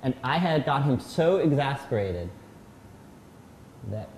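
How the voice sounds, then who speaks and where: A man's voice: medium pitch, big pitch swings, slow pace, a little mellow, slight background noise. A middle-aged man giving an anecdotal tribute speech at a celebration, telling his story with frequent restarts. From United States. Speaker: guest speaker at a celebration.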